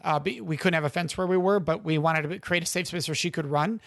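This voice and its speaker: A man hosting a podcast interview, asking questions with enthusiasm and warm appreciation. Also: on the high side, brisk, creaky, dry recording, clean studio sound. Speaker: podcast host.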